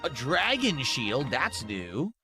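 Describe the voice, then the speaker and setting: A man's voice: mid-range voice, huge pitch swings, takes it slowly, music in the background. A man giving casual commentary while playing a video game, sometimes slipping into a mock French accent for the characters.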